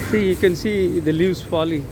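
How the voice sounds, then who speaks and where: A high-voiced man in his sixties vlogs as he walks through city streets, holding his phone in his hand to record. He talks slowly and haltingly, with plenty of fillers and repeated words. Traffic and street noise carry through the phone recording.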